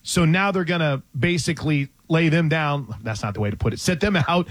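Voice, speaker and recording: A man co-hosting a sports talk show, animated and thinking aloud in casual chat. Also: fairly high pitch, fairly quick, no echo. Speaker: podcast co-host.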